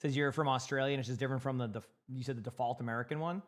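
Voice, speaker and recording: A young man from Massachusetts with a light Boston accent chats casually on a live stream, reading chat aloud and rambling with lots of repeated words. His mid-range voice stays steady in tone and comes out rapid-fire.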